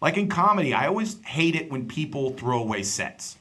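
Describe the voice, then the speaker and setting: A man with a medium-pitched voice and moderate pace hosts a podcast and works as a stand-up comedian. In relaxed conversation he tells a story, lively in delivery and playing out the quoted characters.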